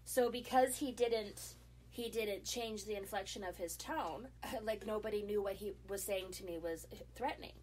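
Middle-aged woman telling a story on a talk show, mid-pitch voice, lots of ums and restarts. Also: moderate pace, a little hiss or hum. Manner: lively, with frequent fillers and restarts. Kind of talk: casual spoken storytelling.

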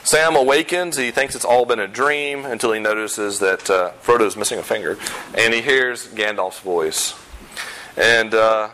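A pastor preaching a sermon in a conversational way, with self-deprecating humor and emphatic repetition of key points. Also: male voice, fairly low pitch, moderate pace, bright, forceful tone, a little hiss or hum, low-quality recording. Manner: emphatic, repeats key phrases.

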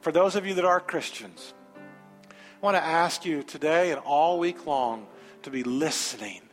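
A man preaching a sermon in a large church sanctuary, telling a personal story with animated energy and then moving into an emphatic altar call. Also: on the high side, measured pace. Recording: reverberant sanctuary with faint music.

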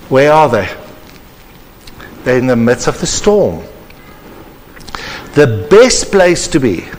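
Male preacher, earnest and deliberate, reverberant church hall. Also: medium pitch. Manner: earnest, measured, preacherly emphasis. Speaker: conference speaker. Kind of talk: sermon.

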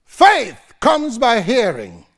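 Dramatic, high-voiced preacher man. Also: wildly swooping pitch, takes it slowly. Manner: dramatic, swings between shouting and soft. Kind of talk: sermon. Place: church service.

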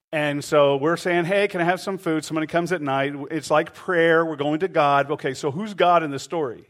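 Male pastor, middle-aged, lively storyteller in a sermon, slightly higher voice. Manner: animated storytelling, acts out voices.

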